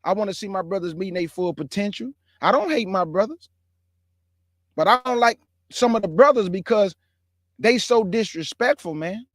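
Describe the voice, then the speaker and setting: A man's voice: high-pitched, expressive, moderate pace, fairly bright tone, no room sound, studio quality. A man hosting his own show, talking straight to viewers in an earnest, impassioned monologue and calling them family and brother. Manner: earnest, addresses listeners as family and bruh; grows heated and emphatic. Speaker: show host.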